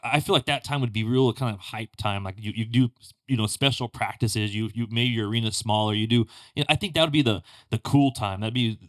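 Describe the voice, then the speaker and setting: A man's voice: medium pitch, brisk, fairly bright tone. A man hosting a podcast in a studio, asking questions in a laid-back way. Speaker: podcast host. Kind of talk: casual chat.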